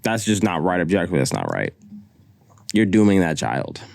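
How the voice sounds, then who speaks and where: A man with a low voice that swings up and down a lot, recorded dry and close with no room sound. He chimes in with blunt, short remarks during a casual podcast chat. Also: very animated, a little fast, creaky, a little mellow, dry recording. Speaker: podcast co-host.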